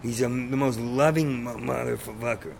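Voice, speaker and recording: Gravelly-voiced stuttering man, blunt and profane. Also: medium pitch, fairly even intonation, normal speed, slight background noise. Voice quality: stutter, repeats sounds. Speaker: stand-up comedian, guest. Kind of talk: casual conversation.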